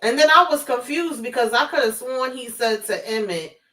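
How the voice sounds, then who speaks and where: A woman's voice: on the high side, normal speed, fairly bright tone, distant mic, low-quality recording. A woman co-hosting a casual live-stream recap, speaking frankly, laughing, and acting out the characters' lines. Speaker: co-host.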